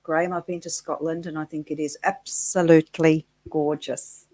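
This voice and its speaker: Australian female co-host, low voice, chatty and self-mocking. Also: level tone, normal speed, mellow, poor audio. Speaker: co-host of a live chat stream. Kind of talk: casual live-stream chat.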